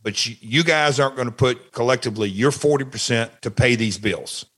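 A man co-hosting a podcast, telling rambling, animated family anecdotes and quoting people along the way. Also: mid-range voice, brisk, husky. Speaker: podcast co-host. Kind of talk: casual podcast storytelling.

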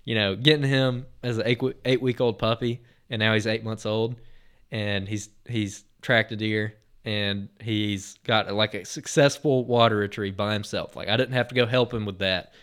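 A man's voice: lowish voice, normal speed, smooth. A man hosting a podcast, telling a long anecdote in a casual, rambling way, full of fillers and restarts. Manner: rambling, filler-heavy retelling with many restarts; lively, excited anecdote telling. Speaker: podcast host.

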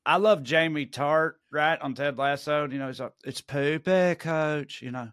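A man's voice: on the high side, steady tone, normal speed, fairly bright tone, no room sound, studio quality. A man from the American South with a Southern accent, co-hosting a podcast in casual chat, rambling and swearing with many restarts. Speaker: podcast co-host.

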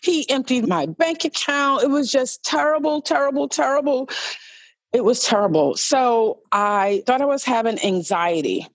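Woman, middle-aged, from New York, podcast guest, animated storytelling, repeats words, middle pitch, dry close sound. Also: no echo. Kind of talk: personal storytelling in conversation.

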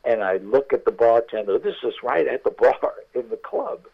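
Older guy telling a story down a tinny phone line, slow and gravelly. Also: mid-range voice, big pitch swings. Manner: unhurried, acts out the characters. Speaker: guest storyteller. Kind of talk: anecdotal storytelling.

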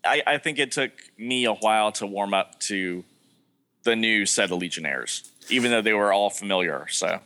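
A man's voice: lowish voice, lively intonation, moderate pace, pushed and bright, a little hiss or hum. A man co-hosting a podcast, giving his opinion in casual chat, repeating words as he thinks. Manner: opinionated, a bit hesitant with repeats. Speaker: podcast co-host. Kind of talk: casual comic book discussion.

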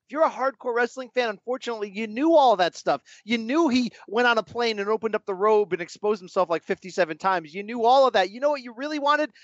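A man with a high voice argues with animated emphasis in a casual chat, firing off rhetorical questions. The recording is dull and lo-fi, and very dry. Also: fast, hardly any pauses, dry recording. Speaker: podcast co-host.

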